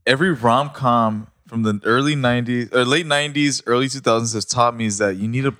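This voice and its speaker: Man with a mid-pitched voice and dry, close sound, joking co-host in casual chat. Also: a bit bright, no room sound. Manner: joking, quick interjections.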